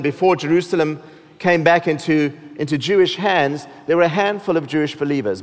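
A man from South Africa with a South African accent, preaching a sermon as pastor in a joking, easygoing way. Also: fairly high pitch. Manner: joking, with laughs and restarts. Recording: long hall reverb.

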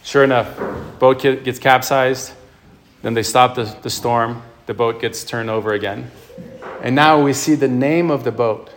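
A male priest delivering a sermon to his congregation. He retells a story with emphatic, storytelling energy in an ordinary middle-pitched voice. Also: fairly even intonation, a little slow, a little hiss or hum.

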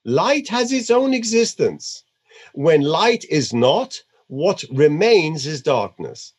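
A man putting on an Indian accent to voice a male guru, reading slowly and deliberately with stressed words. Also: a little high, sing-song, breathy edge, exaggerated voice. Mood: solemn. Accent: put-on Indian.

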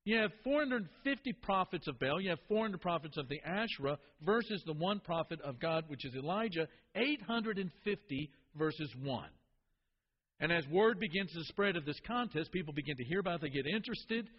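A man's voice: fairly high pitch, animated, a little fast, slightly rough, big-room sound, dull audio. A man preaching a sermon to his congregation, asking them questions and repeating key phrases for emphasis. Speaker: pastor.

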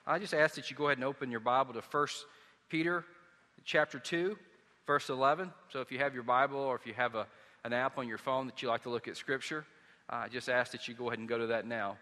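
Southern pastor, conversational storyteller, bright forceful tone, long church reverb. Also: male voice, mid-range voice. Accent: Southern American. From Southern United States. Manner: conversational storytelling with many restarts. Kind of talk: sermon.

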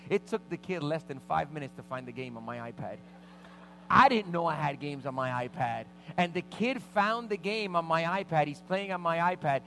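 Animated pastor telling a story. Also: male voice, high-pitched, a little fast, soft background music, poor audio. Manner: animated anecdotes with vivid quoted voices. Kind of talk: sermon storytelling.

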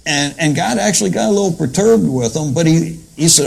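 Gravelly-voiced man preaching folksy. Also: fairly high pitch, animated, a little fast, hardly any pauses, rough recording. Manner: folksy, retells scripture in plain everyday talk. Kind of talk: conversational sermon.

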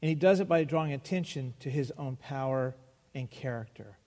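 A man preaching a sermon, acting out Bible dialogue with emphatic pauses. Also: medium pitch, warm tone. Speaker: pastor. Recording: long hall reverb.

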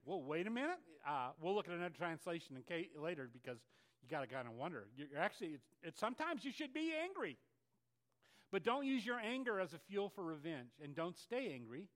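Older man, pastor, sermon, fairly high voice, chatty and animated. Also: a little fast. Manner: conversational, animated, many restarts and asides.

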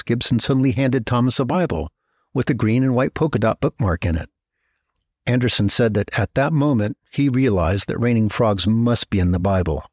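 A middle-aged man hosting a podcast, telling stories in a measured, reflective scripted narration that slows down to stress key words. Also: medium pitch, slightly rough, no echo, clean studio sound. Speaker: podcast host.

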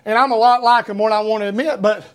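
A middle-aged preacher with a Georgia accent, telling rambling, self-deprecating stories in a sermon with lots of restarts, sometimes rising into shouts. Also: male voice, high voice, fairly even intonation, rapid-fire. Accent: Southern US, Georgia. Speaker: pastor.

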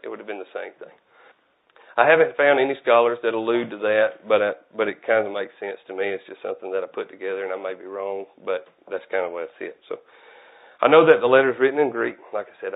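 A man's voice: on the low side, vocal fry. A man preaching a casual, conversational sermon, folksy and self-deprecating. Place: church. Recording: tinny phone-like audio.

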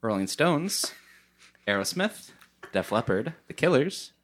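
A man from Missouri chatting as a podcast guest, making wry, deadpan asides. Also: medium pitch, takes it slowly, slight background noise. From Missouri, USA. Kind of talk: casual chat.

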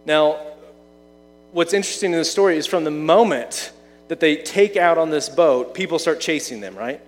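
Male preacher, slightly higher voice, casual sermon delivery with rhetorical questions, reverberant space. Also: normal speed. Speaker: pastor.

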